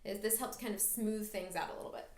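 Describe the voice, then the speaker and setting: A woman's voice: medium pitch, steady tone, fast, heavy background noise. Woman, flute teacher, patient step-by-step coaching, echoey room. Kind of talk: instructional music lesson.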